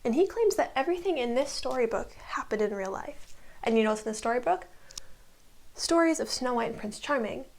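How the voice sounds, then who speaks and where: A chatty woman recapping a show in a loose, casual way. Her voice sits a little high and carries a gravelly, fry-tinged edge. She fills her talk with "like" and drops quick whispered asides. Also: expressive. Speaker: recap video host.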